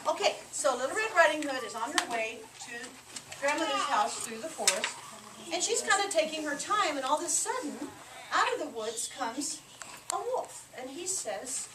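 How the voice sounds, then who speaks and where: A woman's voice: high voice, sing-song, normal speed. A woman narrating a fairy tale and coaxing children to act out and repeat the lines. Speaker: storyteller leading children in a play. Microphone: camcorder mic from a distance. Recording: echoey room, camera far off, noisy.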